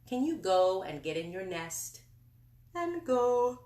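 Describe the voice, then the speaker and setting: Woman, children's story reader, animated singsong delivery, slow pace, roomy echo. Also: medium pitch. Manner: animated, singsong, talks to young kids. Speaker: artist reading picture books to children. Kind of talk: children's story time read-aloud. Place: indoor room with books. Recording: echoey room.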